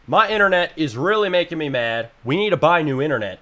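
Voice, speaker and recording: A man's voice: a little high, animated, a little fast, hardly any pauses, sharp tone. Ranting young male streamer. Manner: frustrated, ranting, swears freely. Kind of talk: casual live-stream rant.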